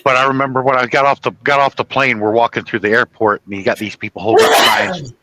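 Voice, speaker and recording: A man from the Chicago area hosting a casual chat, rambling through stories with halting restarts. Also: mid-range voice, animated, heavy background noise. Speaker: host.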